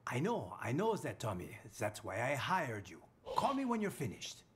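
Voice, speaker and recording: An actor playing a haughty male artist in a game, talking theatrically with sighs and hushed asides. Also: mid-range voice, wildly swooping pitch, moderate pace, slight background noise. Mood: calm. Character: haughty male artist, disdainful of the art crowd. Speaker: game character.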